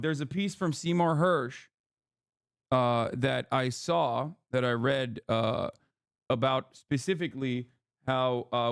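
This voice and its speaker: A man's voice: mid-range voice, clear, resonant tone, no echo, clean studio sound. A man in his thirties ranting in casual livestream commentary, heated, profane and incredulous as he reads and answers chat. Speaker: political streamer.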